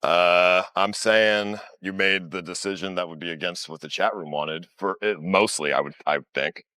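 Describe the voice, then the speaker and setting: A man's voice: deep voice, steady tone, normal speed, sharp tone, no echo. A man hosting an elimination show on a stream, talking bluntly and offhandedly. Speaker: show host. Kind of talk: casual stream talk.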